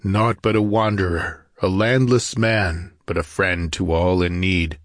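A man voicing a grim wandering swordsman who speaks softly and slowly. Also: sits low, no room sound, clean studio sound, exaggerated voice. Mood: gentle. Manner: soft, soothing, muttered. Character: grim wandering swordsman, gentle yet cold.

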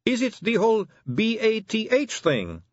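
A man reading aloud voices a young female vampire with a probing, gently teasing manner. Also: fairly high pitch, wildly swooping pitch, unhurried, no room sound, muffled recording, voice pushed up, full character voice. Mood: prying. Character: sharp-eared young female vampire, coaxing.

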